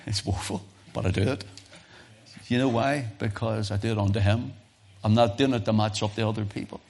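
A man preaching a sermon at a church service, moving between loud emphasis and soft low asides, often repeating and restarting his phrases. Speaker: pastor.

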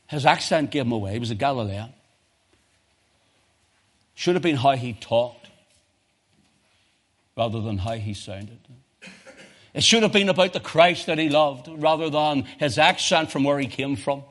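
A man preaching a sermon, rising to loud impassioned peaks and dropping to low, hushed intensity. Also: expressive, measured pace, pauses often.

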